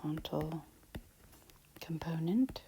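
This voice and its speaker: A woman teaching a math lesson, talking softly and half-whispered with a breathy voice while she writes. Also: sits low, unhurried, a little hiss or hum, poor audio. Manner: soft, half-whispered explaining while writing. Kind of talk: recorded math lecture.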